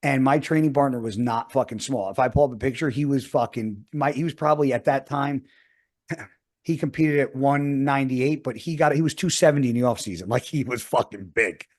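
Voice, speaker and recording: Casual podcast chat features a co-host in his forties with a mid-range voice and brisk delivery. He tells an animated story and swears constantly, heavily profane as he goes.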